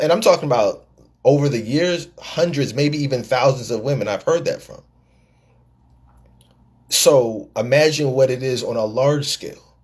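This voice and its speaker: A middle-aged podcast host with a husky, slightly raspy voice, lecturing a live audience. He tells stories, repeats his words as he builds a point and slips into the voices of the people he quotes. His pitch sits in the middle for a man. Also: darkish tone. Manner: preachy storytelling, acts out quoted women, repeats words. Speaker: podcast host and life coach. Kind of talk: live-taped podcast monologue.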